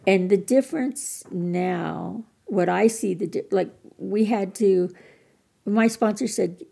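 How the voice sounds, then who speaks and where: Older woman guest, heavy vocal fry, low voice, candid self-deprecating storyteller. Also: measured pace, mellow. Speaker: podcast guest. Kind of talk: personal recovery story.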